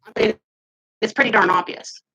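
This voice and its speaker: A woman in her fifties venting heatedly to her camera, swinging between loud outbursts and muttered asides. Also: medium pitch, moderate pace, vocal fry, husky, muffled recording. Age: 50s. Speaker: vlogger. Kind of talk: casual ranting to camera.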